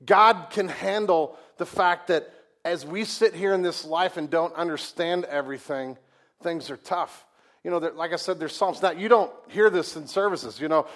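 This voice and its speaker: A man's voice: a little high, normal speed, fairly bright tone. A man preaching a sermon as pastor, in a conversational, folksy way with humorous asides and rhetorical questions to the congregation.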